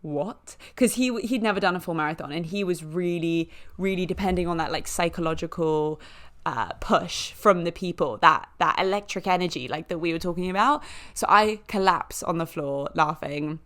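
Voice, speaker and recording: A woman hosting a podcast, telling a story in a chatty, animated way with lots of fillers and small impressions of other people. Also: on the low side, moderate pace. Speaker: podcast host. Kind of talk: casual storytelling.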